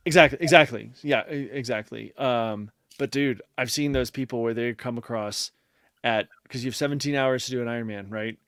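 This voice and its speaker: A man co-hosting a casual podcast, talking in a loose, rambling way and stopping now and then to read listener comments aloud. His voice sits at an ordinary middle pitch. It sounds close and dry, with no room around it. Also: brisk, fairly bright tone, no room sound. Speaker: podcast co-host.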